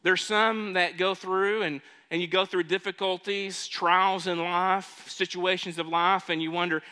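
High bright-voiced preacher man quizzing the congregation, long echo of a big hall. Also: little pitch movement, a little slow, few pauses, smooth. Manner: asks the congregation questions, varies loudness. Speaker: pastor. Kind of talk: sermon. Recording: long reverb of a large hall.

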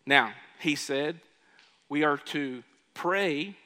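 A male pastor preaching a sermon, often asking the congregation questions and shifting his loudness. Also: fairly high pitch, drawn-out words. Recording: long reverb of a large hall.

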